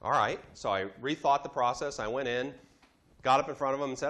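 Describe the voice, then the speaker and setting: A man teaching a class, telling a business story in a lively lecture style, acting out the voices he quotes. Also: mid-range voice, fairly quick. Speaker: instructor.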